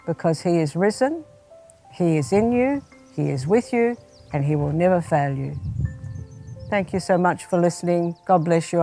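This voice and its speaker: A woman, a spiritual director, gently leading a guided prayer meditation and speaking straight to the listener. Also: lowish voice. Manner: gentle, unhurried, second-person guidance.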